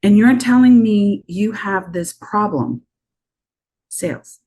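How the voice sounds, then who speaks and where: A woman business coach on a podcast, talking in a lively way and acting out bits of sales talk. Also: mid-range voice, slow. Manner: animated, acts out sales talk.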